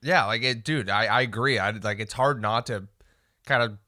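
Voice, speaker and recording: Male podcast co-host, bright forward tone, dry close sound, blunt laid-back chat. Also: medium pitch, normal speed, no echo. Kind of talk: casual sports chat.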